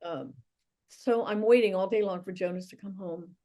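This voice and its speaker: An older woman, a guest, earnestly telling a personal faith story with soft, tearful pauses. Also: medium pitch. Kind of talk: emotional personal testimony.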